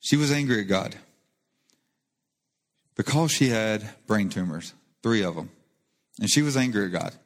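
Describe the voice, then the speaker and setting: A man's voice: fairly low pitch, animated, normal speed, pauses often. A male pastor giving a sermon, earnest and conversational, with rising emphasis on key points. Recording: long reverb of a church hall.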